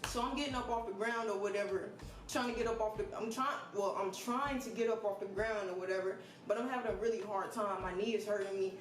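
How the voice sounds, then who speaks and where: A man's voice: sits high, steady tone, fast, slight background noise. A man telling a casual storytime to camera, loose, profane and joking as he goes. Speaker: vlogger. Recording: roomy echo with faint music.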